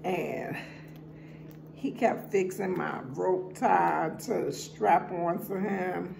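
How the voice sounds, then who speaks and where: A woman with a New York accent, telling animated family stories in a casual storytime vlog. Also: on the low side, drawn-out words, gravelly, noisy background. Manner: animated storyteller acting out voices.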